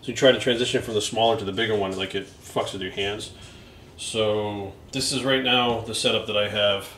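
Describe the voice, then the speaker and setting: A young man chatting casually in a vlog, cursing often and getting excitable. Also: lowish voice, slight background noise. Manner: profane and excitable, talks baby talk to his dog. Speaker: bodybuilding coach and vlogger.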